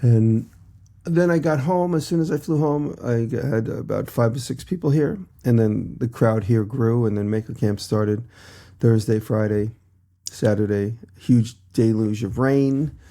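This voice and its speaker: A man's voice: medium pitch, dark tone. A man who is a little run down, chatting casually as a podcast co-host and recounting a busy week one event after another. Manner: quick travel recap, listing one event after another. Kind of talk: casual chat.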